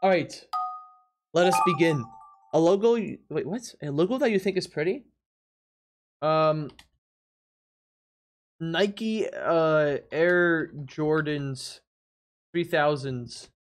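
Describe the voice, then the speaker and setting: This casual stream has the host playing a drawing game and talking straight to chat over a desk mic. In a middle-range voice, the speech comes fast and stumbling, words get repeated, and laughs come often.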